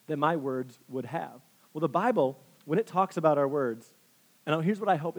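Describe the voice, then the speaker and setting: A man preaching a sermon, telling personal stories with lively, self-deprecating humor and frequent restarts. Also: fairly high pitch. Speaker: pastor.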